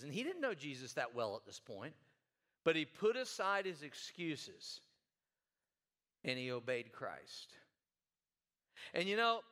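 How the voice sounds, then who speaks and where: A man's voice: a little high, a bit bright. A male pastor preaching a sermon in a folksy, conversational way, often stumbling and repeating words.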